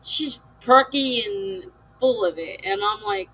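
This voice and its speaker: Slow, weary woman streamer. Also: medium pitch, pushed and bright, breathy edge, poor audio. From United States. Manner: slow, weary, laughs often. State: tired. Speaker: live-stream host. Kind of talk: casual chat with chat readers.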